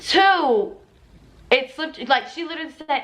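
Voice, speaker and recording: Bright-voiced young woman telling a heated story. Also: sits high, brisk. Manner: heated, profane, quoting others' words. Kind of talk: storytime retelling.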